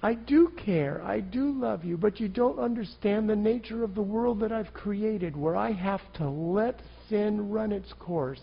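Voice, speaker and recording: A man's voice: high-pitched, creaky, breathy edge, muffled recording, pitched above the performer's own voice, full character voice. A man voicing God, tearful and pleading. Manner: pleading, tender and broken. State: choked up, near tears. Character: God as a grieving, loving heavenly father.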